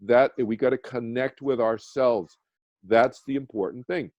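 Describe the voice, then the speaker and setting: A man's voice: mid-range voice, fairly even intonation, a little slow, darkish tone, no echo, lo-fi sound. A man, a meditation teacher, telling a personal story as a radio guest, earnest and rambling with many restarts. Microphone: phone or video call.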